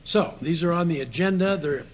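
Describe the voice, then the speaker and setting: A man chairing a city council meeting, procedural and brisk while calling up speakers. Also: a little high, a crowd in the background.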